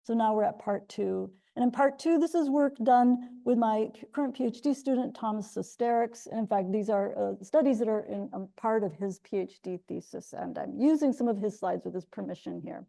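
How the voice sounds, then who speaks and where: A middle-aged woman delivers an academic lecture in a measured, explanatory way. Her voice sits a little high but sounds mellow, with a gravelly fry running through it. She often restarts and corrects herself mid-sentence. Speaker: linguistics researcher giving a colloquium talk. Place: lecture room.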